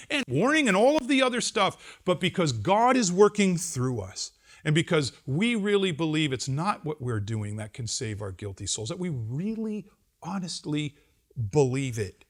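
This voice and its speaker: A middle-aged man, a pastor giving a conference address to seminary students, animated and wry, swinging between loud emphasis and quiet asides. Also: on the high side. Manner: wry humor and acted-out quotes. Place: seminary campus lecture.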